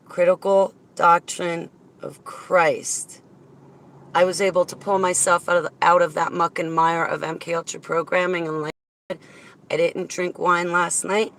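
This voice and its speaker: Slow-talking, bright-voiced effusive woman. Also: fairly low pitch. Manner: effusive and rambling, with sudden loud exclamations. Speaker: vlogger thanking her viewers. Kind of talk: casual emotional video message.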